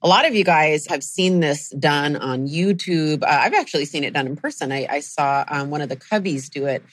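A woman co-hosting a podcast chats in a rambling, giggly way over a remote call mic. Her voice sits a little low with a husky grain, and it swings widely in pitch. The sound is dry and close. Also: moderate pace, no room sound. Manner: giggly, rambling, laughs through her lines. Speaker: podcast co-host. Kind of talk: casual chat.

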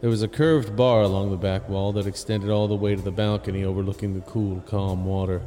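A man narrating a comedic audio drama in a deadpan, crude manner. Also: fairly low pitch, fairly quick, in a large hall, soft background music. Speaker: narrator and lead performer.

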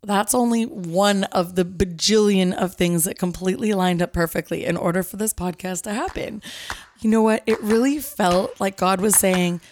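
A young woman podcast host telling a story in a casual, lively way, acting out the voices of the people she quotes. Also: medium pitch, normal speed. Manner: lively, acts out quoted voices, says "like" often.

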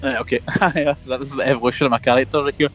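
A man's voice: medium pitch, fairly even intonation, rapid-fire, soft background music. A man co-hosting a casual wrestling podcast from his parked car, jokey, self-mocking and sweary. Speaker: podcast co-host. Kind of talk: casual chat. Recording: dull, lo-fi remote call.

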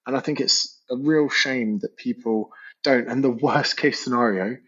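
A man's voice: medium pitch, moderate pace, a bit bright, slightly rough. A man chatting casually as a guest, candid and swearing freely. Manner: candid, swears freely, acts out quoted people. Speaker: podcast guest. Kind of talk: casual conversation. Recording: dull lo-fi audio.

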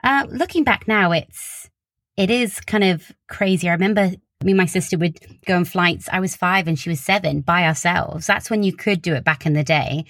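On the low side and a bit bright, this woman talks at a moderate pace with no room sound. She's a young social media creator from Wiltshire, England, with a southern English accent, chatting casually as an interviewee, laughing often and saying "like" a lot.

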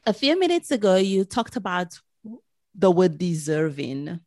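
A woman hosting a podcast, asking thoughtful, measured interview questions. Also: on the low side, big pitch swings, dark tone, no echo, clean studio sound. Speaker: podcast host.

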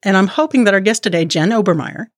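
A woman's voice: medium pitch, animated, fast, dry recording, clean studio sound. Playful American woman hosting a podcast. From United States. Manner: playful, joking, self-mocking. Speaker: podcast host. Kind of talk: casual chat.

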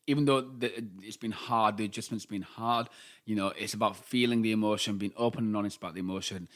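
A man's voice: fairly low pitch, fairly even intonation, quick pace. A man in his twenties with a Yorkshire accent, co-hosting a casual podcast chat in a camp, sassy way with plenty of swearing. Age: 20s. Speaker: podcast co-host.

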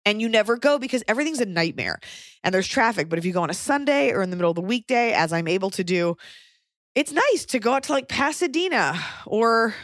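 A woman's voice: a little high, lively intonation, fast, no room sound, studio quality. A woman in her thirties, a comedian hosting a podcast, giving blunt, crude, rambling advice in casual chat.

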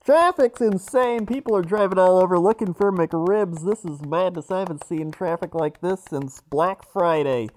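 A man voicing a brash male helicopter traffic reporter with a rapid, joking news-report delivery. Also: high voice, darkish tone, voice pushed up, lightly acted. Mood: hyped.

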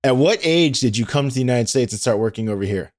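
A man hosts a casual podcast interview with energetic enthusiasm. He talks in a loose, chatty way full of fillers and quick asides. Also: mid-range voice. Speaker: podcast host.

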